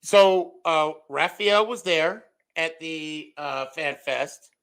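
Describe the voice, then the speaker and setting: A middle-aged man hosts a podcast in casual chat, telling stories with big swings in loudness and pitch. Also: takes it slowly, clean tone, low-quality recording. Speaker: podcast host.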